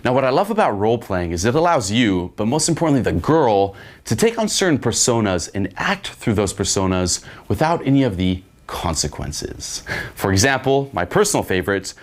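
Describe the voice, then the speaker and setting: A man's voice: lowish voice, big pitch swings, normal speed. A man coaching on dating in a casual, profane way, often checking in with "okay?". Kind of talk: instructional monologue.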